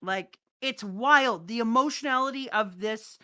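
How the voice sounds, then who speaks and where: Casting: woman co-host, lively storyteller who bursts out loud at times, dry close mic. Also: fairly high pitch, measured pace, dry recording. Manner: animated, swings from hushed retelling to loud outbursts. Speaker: podcast co-host. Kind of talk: casual chat.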